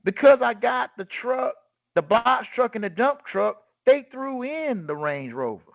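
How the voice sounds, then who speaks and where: A man's voice: very high voice, animated, measured pace, creaky, no room sound. Guy teaching on a call, blunt and slangy, dry, dull lo-fi sound. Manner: asks the listeners rhetorical questions and fills in the answers; blunt and colloquial. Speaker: host teaching a group call. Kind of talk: casual teaching talk.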